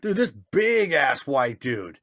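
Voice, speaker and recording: A man's voice: fairly high pitch, big pitch swings, slow pace, a bit bright, no echo. A man telling stories in casual chat, swearing often, laughing, and acting out what others said. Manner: profane, laughing, acts out voices in stories. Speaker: podcast co-host.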